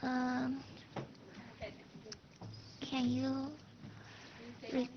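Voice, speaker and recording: Woman from Taiwan, native Mandarin, student, hesitant, very slow, noisy dull recording. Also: high-pitched, completely flat delivery. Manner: hesitant, soft-spoken. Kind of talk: classroom answers. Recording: distant lo-fi classroom recording with noise.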